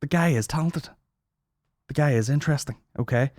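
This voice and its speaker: A man's voice: fairly high pitch, fairly quick, darkish tone, no echo. A man in his thirties hosting a comedy podcast, rambling and sarcastic with constant swearing, into a studio microphone. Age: 30s. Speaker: podcast host. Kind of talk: casual comedy podcast rant.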